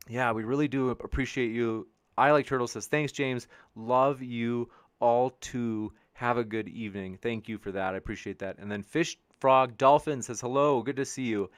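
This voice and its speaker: A man's voice: medium pitch, no room sound. A man hosting a debate show live stream, reading viewer comments in a rambling, upbeat way, with many restarts. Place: home studio with a backdrop sheet behind.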